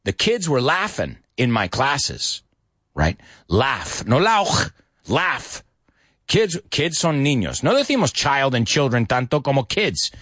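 A middle-aged man, teaching English in a lively bilingual lesson that mixes English and Spanish. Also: mid-range voice, unhurried, no echo, clean studio sound. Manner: animated, switches between English and Spanish, sings lyric snippets.

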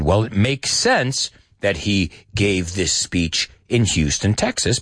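This is a man hosting a casual radio lesson. He is chatty and animated, explains expressions and repeats the key words. His pitch rises and falls a lot, and the sound is dry and close, with no room echo. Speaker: radio host and English teacher.

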